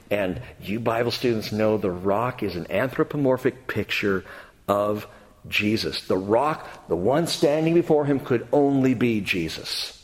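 A man preaching a sermon as a pastor, animated, climbing to near-shouts and dropping to quiet asides. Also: mid-range voice. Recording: long hall reverb.

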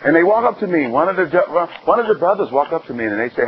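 A man preaching a sermon, telling stories with animated ups and downs in his delivery. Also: fast talker, few pauses, husky, dull audio. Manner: animated storytelling, rising high and loud when excited.

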